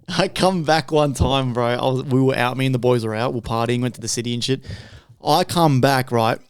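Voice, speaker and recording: A man's voice: mid-range voice, normal speed, clean tone, no echo, studio quality. A young man telling rambling, swear-filled stories on a casual podcast. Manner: rambling storyteller, heavy swearing. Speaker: podcast co-host.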